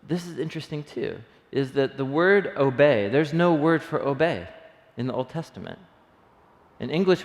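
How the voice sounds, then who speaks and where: A man leading an early-morning Bible study, teaching in an enthusiastic, conversational way and thinking aloud with plenty of fillers. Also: mid-range voice. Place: church room. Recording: long reverb of a hall.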